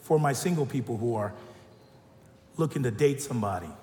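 A male pastor preaching a sermon, telling stories and joking, animated. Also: mid-range voice, fairly quick. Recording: echoey church hall.

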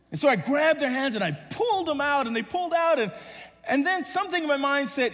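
A pastor with a notably high voice tells a story from the pulpit. His delivery is animated, acting out the people in his story. His voice rings with a long echo in a church sanctuary. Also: a little fast. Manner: animated storytelling, acting out voices, then softening to a hushed close. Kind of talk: sermon with a personal story. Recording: long hall reverb.

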